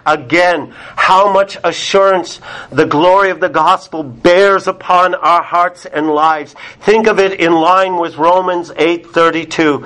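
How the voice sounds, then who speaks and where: A man's voice: fairly high pitch, fairly bright tone, rough recording. A man preaching a sermon, earnest, with rising and falling emphasis and repeated words.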